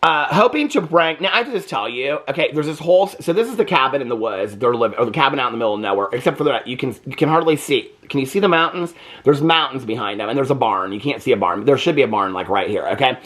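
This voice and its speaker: A man's voice: mid-range voice, expressive, fast talker, fairly bright tone. An American man reviewing books in a casual, chatty way, often breaking into laughter. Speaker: book reviewer. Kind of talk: casual chat.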